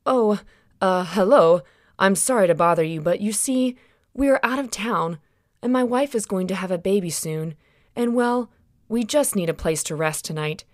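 A woman's voice: medium pitch, normal speed, no room sound, clean studio sound, natural voice. A woman voicing Joseph, a weary, polite young husband who speaks hesitantly with fillers.

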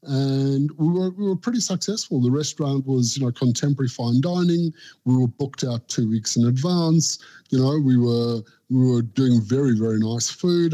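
A man's voice: medium pitch, dark tone. A middle-aged Australian man, a barbecue pitmaster being interviewed, telling long anecdotes in casual chat and acting out what people said to him. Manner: rambling anecdotes, acts out quoted voices.

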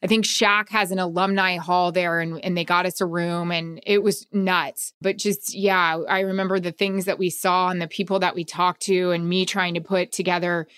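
A woman in her forties, a sports producer co-hosting a casual chat, talking in a chatty, reactive way with quick asides. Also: fairly low pitch, level tone, a bit bright, smooth. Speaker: sports producer and podcast co-host.

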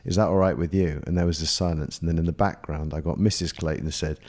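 A man's voice: very deep voice, steady tone, quick pace, darkish tone. A man chatting as a podcast guest, telling anecdotes and teasing his colleague. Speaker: podcast guest, business partner. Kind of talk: casual chat.

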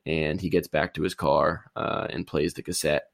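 A man with a low, gravelly voice rambles easygoing through a movie recap. His delivery is relaxed and conversational, and the sound is close and dry with no room around it. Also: moderate pace, no echo. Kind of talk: casual chat, retelling a movie plot.

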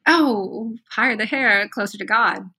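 A middle-aged woman from North Carolina with a Southern accent, telling animated stories with lots of laughter as a podcast guest. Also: fairly high pitch, unhurried, slightly rough. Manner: animated, laughs often, warm storytelling. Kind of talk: casual chat.

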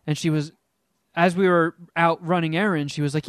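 Brief: man, fairly high voice, dry close sound, casual comic storyteller. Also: moderate pace, clear, resonant tone, no echo. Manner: animated, rambling, self-mocking; acts out quotes in character voices. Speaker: podcast co-host.

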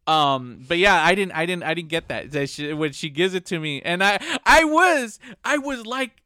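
A man's voice: high-pitched, lively intonation, moderate pace, bright, forceful tone, clear, resonant tone, dry recording, studio quality. A man hosting a podcast, chatting casually, laughing often and cursing freely as he rambles. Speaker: podcast host. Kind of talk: casual chat.

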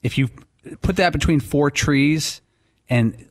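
A man's voice: on the high side, takes it slowly. A man who is a regular on a talk show, chatting casually and jumping in eagerly with questions and suggestions. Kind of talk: casual chat.

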